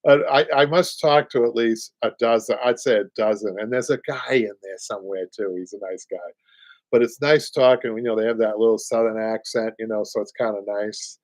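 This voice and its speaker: A man's voice: fairly low pitch, steady tone, a little fast, no room sound. A man in his late fifties with a Boston accent, hosting a live upholstery show in a rambling, chatty way full of fillers and little chuckles. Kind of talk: casual live-stream chat.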